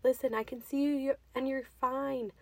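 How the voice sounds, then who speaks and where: A woman voicing a calm man reassuring his lost hiking companion from above. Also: high voice, normal speed, vocal fry, no echo, voice pushed up. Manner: steady, reassuring.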